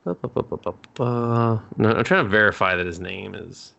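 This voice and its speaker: A man's voice: fairly low pitch, normal speed, creaky, pushed and bright, highs cut off. A young man co-hosting a podcast, rambling loosely and swearing freely as he retells scenes. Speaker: podcast co-host. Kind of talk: casual chat recapping anime.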